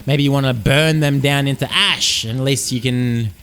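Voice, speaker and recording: A man's voice: mid-range voice, fairly even intonation, moderate pace, fairly bright tone, a little hiss or hum. A man hosting a podcast, telling a comic story in a rambling, profane, hyped-up way. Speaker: podcast host. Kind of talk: comedic storytelling monologue. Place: Sydney.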